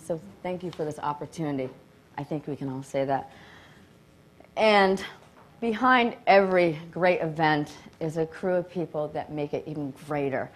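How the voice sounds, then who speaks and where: A woman's voice: low voice, moderate pace. Effusive woman giving an award speech. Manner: effusive, grateful, laughing often. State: nervous, hands shaking. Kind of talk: off-the-cuff acceptance speech. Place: live award event before an audience.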